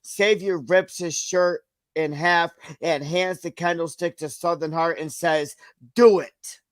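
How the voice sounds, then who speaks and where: A man co-hosting an online show, narrating a wrestling storyline casually and reacting with animated comments. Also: fairly high pitch, unhurried, no echo. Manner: animated, reacts loudly to the action. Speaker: co-host.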